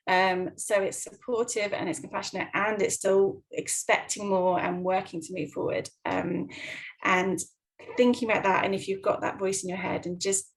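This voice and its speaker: A woman clinical psychologist giving advice in a gentle way, with many ums and restarts. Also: mid-range voice, level tone, normal speed, vocal fry, low-quality recording. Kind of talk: advice talk.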